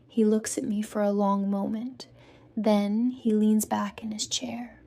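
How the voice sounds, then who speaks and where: Slow gravelly woman narrating a story. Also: mid-range voice, flat delivery, mellow. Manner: slow, clear reading for learners. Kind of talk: scripted first-person story narration.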